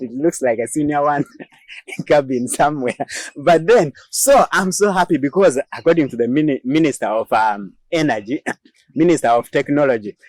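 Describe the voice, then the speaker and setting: A man's voice: a little high, darkish tone, dry recording. A man from Uganda with a Ugandan English accent, hosting a casual news commentary show in a chatty, joking way with frequent laughs. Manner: chatty and joking, laughs often, many fillers. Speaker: host.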